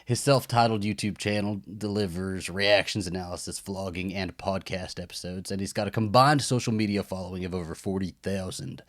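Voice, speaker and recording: A man's voice: low voice, fairly quick, hardly any pauses, no echo, clean studio sound. A man guest-hosting a podcast interview, chatting casually and laughing often. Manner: laughs often, relaxed banter. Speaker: guest host.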